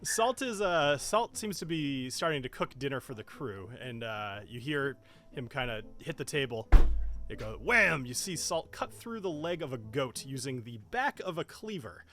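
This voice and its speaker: Lively man narrating as game master. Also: mid-range voice, normal speed, faint music behind. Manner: lively, chuckling narration with frequent fillers. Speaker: dungeon master.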